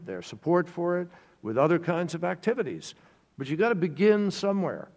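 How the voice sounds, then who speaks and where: A government official testifying at a committee hearing, answering in a measured way with fillers and restarts. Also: male voice, on the high side. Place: congressional hearing room. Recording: long reverb of a hearing room.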